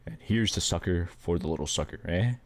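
A man's voice: low voice, no echo. A man voicing a smug, scheming male god of the underworld, full of sarcastic quips. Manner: sarcastic, fast-talking wisecracks.

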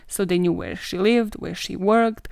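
A woman's voice: mid-range voice, measured pace, vocal fry, darkish tone, dry recording, studio quality. Sarcastic young woman true crime host. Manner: sarcastic, swears freely, laughs at her own jokes. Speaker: podcast host.

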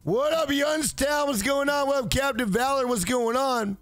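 A man hosting a casual livestream, loud, profane and joking as he reads chat aloud. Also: extremely high pitch, normal speed, no room sound, soft background music. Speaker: livestream host.

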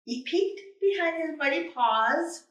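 Expressive woman reading a storybook aloud. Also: high voice, slow pace, far from the mic, muffled recording. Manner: expressive and animated. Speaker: storybook reader. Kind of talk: children's story read-aloud. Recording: echoey room, away from mic.

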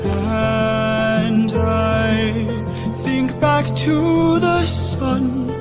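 A man's voice: extremely high pitch, level tone, very slow, loud music behind the voice, heavily acted. A man singing as a weary male war hero longing for home, in a soaring, emotional musical theatre style. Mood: sorrowful song. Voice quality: soaring, emotional sung delivery. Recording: played track with loud instrumental backing.

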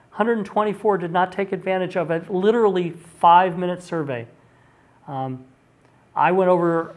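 A man's voice: high-pitched, a little mellow. A male university lecturer giving a recorded class talk in a chatty way, with frequent ums and restarted sentences.

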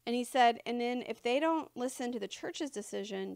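A woman preacher gives a relaxed, conversational sermon to her church, her voice sitting a little high. She keeps it informal and chatty and laughs between points. The sound is close and dry, with little room echo. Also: moderate pace, creaky. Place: church sanctuary before a congregation.

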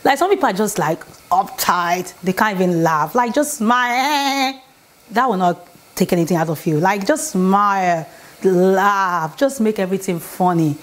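A woman's voice: fairly low pitch, moderate pace. A woman, talking casually to camera at home, chatty and emphatic, repeating her points and checking in with "okay?". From Nigeria. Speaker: vlogger. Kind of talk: casual relationship advice talk. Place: home, indoors.

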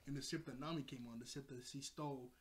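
A man's voice: mid-range voice, fairly even intonation, quick pace. A young man reviewing an anime episode at home, rambling casually, laughing often and repeating himself. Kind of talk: casual chat. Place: home room, seated in a chair.

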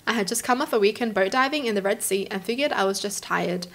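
A young woman from Australia, hosting and reading stories aloud, then reacting to them with animated exclamations. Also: mid-range voice, quick pace. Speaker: host.

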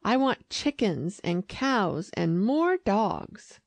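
A woman's voice: very animated, slow, no room sound. A woman reading an audiobook, voicing a restless young wealthy wife in a raised, pleading voice. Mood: eager, pleading. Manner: pleading, high-pitched eager lines.

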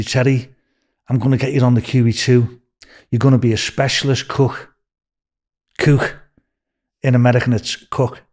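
Older Liverpool man, podcast guest; animated storyteller, coarse language, does the voices of people in his tales. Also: mid-range voice. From Liverpool, England. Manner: animated, swears freely, acts out voices in stories. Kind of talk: storytelling interview.

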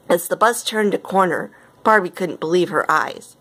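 Woman, storybook narration, gentle, even pacing. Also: lowish voice, moderate pace, breathy edge. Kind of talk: reading a storybook aloud.

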